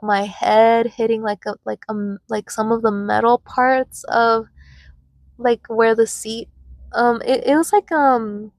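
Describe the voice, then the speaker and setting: A woman's voice: on the high side, dry recording. A young woman vlogger telling a personal story in a casual, rambling way, full of fillers and restarts.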